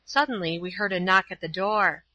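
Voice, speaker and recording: A woman reads a storybook aloud, calm and measured, her voice bright and clear. The recording is dry and slightly dull, with no room sound. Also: fairly low pitch, no room sound. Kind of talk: storybook narration.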